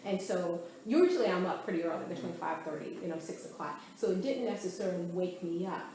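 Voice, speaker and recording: A woman's voice: on the low side, a little fast, slight background noise. A woman recounting events in a conversational interview, telling her story with animation and acting out what others said. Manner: animated storytelling, often acting out quoted speech. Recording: very echoey room, faint background ambience.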